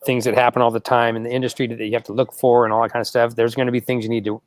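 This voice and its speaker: A man gives encouraging advice in a casual panel conversation, leaning on "you know" as he talks. His voice sits at a middle pitch and sounds dry and close. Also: little pitch movement, very fast, no room sound.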